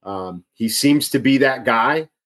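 A man's voice: mid-range voice, takes it slowly, fairly bright tone. A man from outside Chicago with a Chicago accent, talking politics in a casual chat, emphatic and often repeating his words. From outside Chicago, USA.

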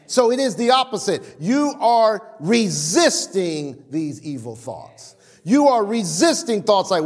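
A man preaches in a church, his voice pitched high. He delivers an animated sermon, stammering through restarts and acting out quotes. Long reverb hangs in the sanctuary. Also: takes it slowly. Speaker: pastor.

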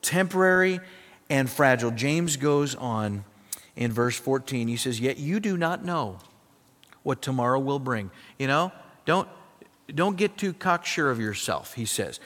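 A pastor from South Dakota delivering a sermon, emphatic and swinging between loud passages and hushed ones. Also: male voice, on the high side, moderate pace, big-room sound.

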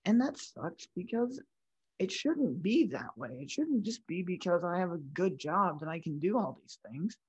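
A woman with a breathy, weak voice, talking frankly as a guest in a casual interview. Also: fairly low pitch, animated, normal speed, a little mellow, highs cut off. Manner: frank, talks in restarts and lists. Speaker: comedian guest.

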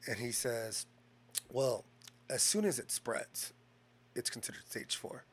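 A man in the middle of his voice range, spinning a rambling, profanity-laced story. He restarts sentences constantly and acts out each side of the conversation with lively shifts in delivery. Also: mid-range voice, a little slow, slightly rough. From Hispanic heritage. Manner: profane, rambling, animated retelling. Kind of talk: casual storytelling chat.

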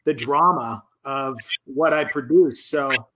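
A man's voice: mid-range voice, slow pace, bright, forceful tone. Easygoing male podcast host. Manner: easygoing, with short agreeing replies. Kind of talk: casual podcast chat.

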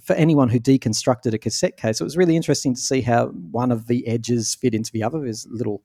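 A man's voice: medium pitch, quick pace, warm tone, no room sound, clean studio sound. A man with an Australian accent hosting a podcast in casual, teasing chat over a remote call. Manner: teasing, chatty. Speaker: podcast host.

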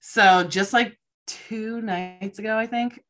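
A young woman hosting a casual chat podcast, telling stories in a rambling, excitable way with casual swearing. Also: medium pitch, slow. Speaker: podcast host.

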